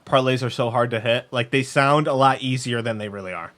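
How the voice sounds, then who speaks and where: Podcast co-host: man, mid-pitched, dry interjections. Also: brisk, a bit bright. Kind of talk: casual sports podcast banter.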